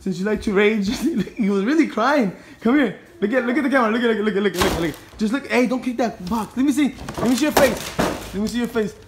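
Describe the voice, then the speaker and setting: A woman's voice: a little high, fast, slight background noise. A woman filming a prank on her son at home, teasing him and laughing through casual commentary into a handheld phone. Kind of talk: casual home vlog narration. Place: indoors at home.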